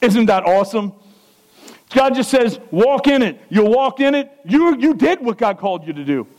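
A man's voice: very high-pitched, very animated, moderate pace, darkish tone, low-quality recording. A male pastor preaching to his church, energetically questioning the congregation and pushing for answers. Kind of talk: interactive sermon.

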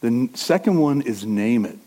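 A middle-aged male pastor giving a conversational sermon, dropping into low asides and rising into loud emphatic preaching. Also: animated, normal speed.

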